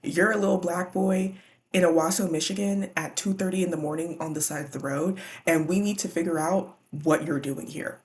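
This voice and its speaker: A woman voicing a friendly but insistent grown man stopping a boy on a night road, in her own fairly low voice. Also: steady tone, moderate pace, darkish tone, slight background noise, close to an everyday voice.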